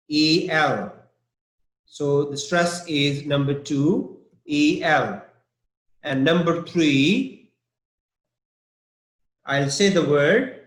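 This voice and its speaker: A male English teacher speaking at a very slow, careful pace, repeating each word several times so his students can hear it. His voice sits a little high. The sound carries a noticeable room echo. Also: fairly bright tone. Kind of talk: online vocabulary lesson.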